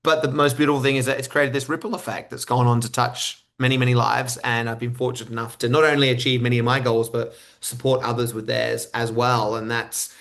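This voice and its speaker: A man's voice: mid-range voice, little pitch movement, a little fast, creaky, hardly any pauses, a bit bright. A man in his thirties with an Australian accent, a podcast guest answering questions and often repeating words as he starts a thought. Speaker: guest speaker. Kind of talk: conversational interview answers.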